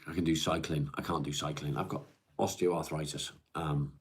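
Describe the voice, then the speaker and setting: A middle-aged man hosting a live stream, chatting in a weary, halting way with many restarts. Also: rumbling low, steady tone, husky. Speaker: live-stream host reading viewer comments. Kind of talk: casual chat.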